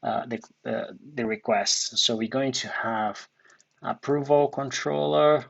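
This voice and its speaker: Male coding tutor, slow and halting, gravelly, muffled lo-fi sound. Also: mid-range voice. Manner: halting, many fillers and restarts, thinks aloud. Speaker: coding instructor. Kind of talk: screen-recorded coding tutorial. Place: dark room at a computer.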